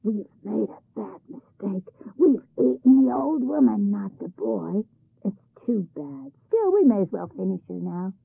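A woman voicing a big, greedy, boastful male troll, loud and blustering, with a gravelly, husky voice and a tinny, phone-like sound. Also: medium pitch, lively intonation, measured pace, dry recording, heavily acted. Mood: glum.

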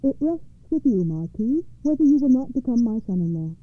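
A woman's voice: on the high side, sing-song, moderate pace. Courtly king, read by a woman, formal and admiring, phone-line tinny. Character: gracious old king, impressed and courtly. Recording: tinny phone-like radio sound.

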